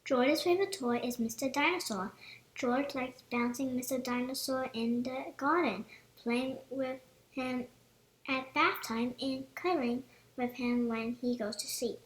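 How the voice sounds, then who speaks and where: Woman storybook reader, high voice, gentle and measured, roomy echoey room. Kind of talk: reading a children's picture book aloud.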